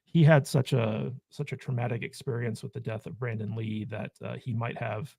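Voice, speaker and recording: A man's voice: medium pitch, level tone, moderate pace, vocal fry, darkish tone, dry recording. A man talking casually as a guest on a podcast panel, hesitant and often restarting.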